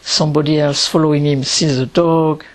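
A woman teaching Zen meditation in a calm, reflective way, pausing often between phrases. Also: sits low. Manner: slow, calm and reflective, with long pauses.

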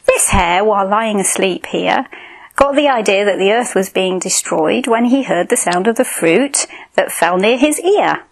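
A woman voicing a gentle, wise lion. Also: mid-range voice, expressive. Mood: calm. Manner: gentle yet firm, slow and measured. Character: wise, calm male lion.

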